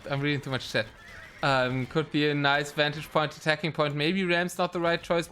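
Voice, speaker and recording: A high-pitched man with a bright, sharp voice casts a live esports match. He gets excitable and rambles along with frequent ums between calls. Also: a little hiss or hum. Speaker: game caster.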